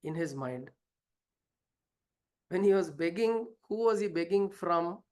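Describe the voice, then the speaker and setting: Through a story, this spiritual teacher explains a passage of scripture in an unhurried, mid-range voice that is darkish in tone yet lively in intonation. Now and then he hesitates, restarting and filling gaps, and he asks plenty of rhetorical questions.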